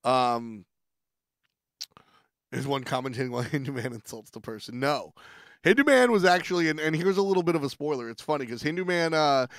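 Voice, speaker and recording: A man's voice: mid-range voice, fairly bright tone, no room sound, studio quality. A man hosting a livestream in casual chat, rambling, restarting sentences and laughing between thoughts. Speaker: stream host.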